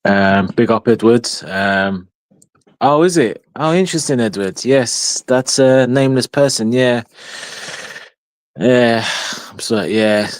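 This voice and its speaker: A man's voice: lowish voice, no echo. Male co-host reading comments; blunt, mocking, dry close-miked sound. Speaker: co-host of a fan livestream. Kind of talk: casual chat, reading viewer comments.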